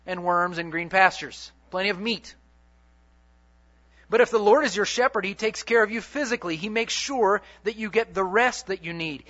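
A man preaching a sermon dramatically, repeating key phrases and swinging between loud and soft. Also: high-pitched. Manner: dramatic, repetitive preaching with big swings in loudness and pace. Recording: dull lo-fi sermon recording.

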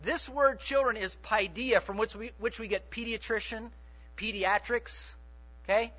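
A man preaching a sermon in an animated, joking way, often putting questions to the congregation. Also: high voice, measured pace, highs cut off.

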